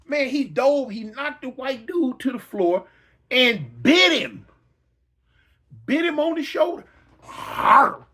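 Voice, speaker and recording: A man telling a personal story dramatically, acting out yells and reactions. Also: very high voice, lively intonation, takes it slowly, long pauses, husky. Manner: dramatic, acts out yells and voices, slangy.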